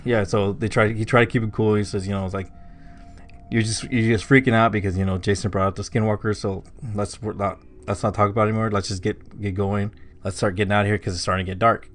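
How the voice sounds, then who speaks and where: Man, low voice, podcast co-host, rambling spooky storytelling, casual. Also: flat delivery, fast talker, a little hiss or hum. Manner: rambling, full of "like" and "you know".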